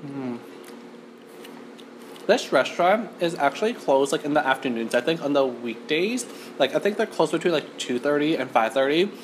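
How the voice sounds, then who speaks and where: A woman's voice: low-pitched, animated, a little fast, slight background noise. A woman from Canada hosting a chatty mukbang eating show in an empty restaurant, talking to the camera with lots of "like" fillers. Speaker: mukbang host.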